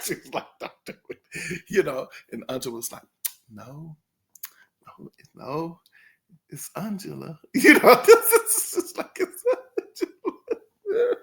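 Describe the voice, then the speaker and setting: High, lively, gravelly-voiced man telling stories. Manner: laughs often, rambling, imitates others. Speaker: channel host. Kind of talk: casual storytelling to camera.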